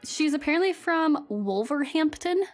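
A woman's voice: high voice, lively intonation, moderate pace, faint music behind. Giggly chatty woman podcast host. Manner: giggly, chatty, many "like" fillers. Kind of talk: casual chat.

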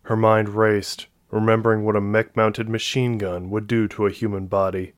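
A man reading an action story aloud with steady, dramatic narration. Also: fairly low pitch, normal speed, no room sound. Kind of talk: scripted audiobook narration.

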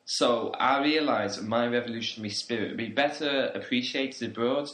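A man's voice: medium pitch, normal speed, a bit bright, echoey room, lightly acted, rough recording. A young man from England playing a preachy, pompous self-styled student revolutionary in a comedy sketch. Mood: smug. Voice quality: pompous, speechifying. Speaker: student activist on a volunteer trip.

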